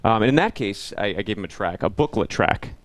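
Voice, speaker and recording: A man's voice: on the low side, expressive, brisk, dry recording. A man co-hosting a casual talk show who asks questions and often restarts his sentences. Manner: hesitant, repeats words as he works out his thoughts. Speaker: co-host of a street evangelism web show. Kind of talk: casual chat, asking questions.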